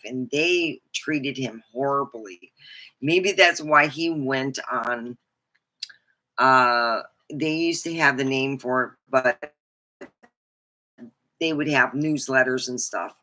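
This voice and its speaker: A woman hosting her own livestream, talking slowly and wandering from one thought to the next. Her voice is bright and a little sharp, and her speech is frank and peppered with casual curses. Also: sits low. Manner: rambling, frank and profane. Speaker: host.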